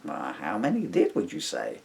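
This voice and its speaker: Man playing a patient doctor, calm, questioning, low creaky voice. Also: moderate pace, exaggerated voice. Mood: curious.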